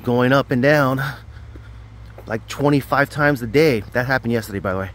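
A man with a mid-range voice talks at normal speed, vlogging casually to camera from an outdoor summer camp. A camp counselor, he rambles in an upbeat, self-deprecating way.

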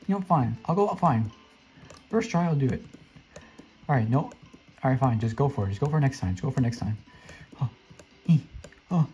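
A woman giving casual, excitable commentary while playing a game, talking to other players and squealing when she jumps. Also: extremely low pitch, fairly quick, pauses often, soft background music. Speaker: gaming channel host.

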